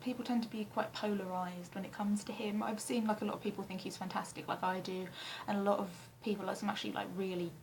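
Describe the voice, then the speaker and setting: A young woman from England chatting casually to camera in her flat, rambling and self-deprecating with frequent ums and the odd swear word. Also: mid-range voice, fast talker, gravelly, a little hiss or hum, rough recording. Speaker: vlogger answering a tag questionnaire. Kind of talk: casual chat. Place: flat, indoors.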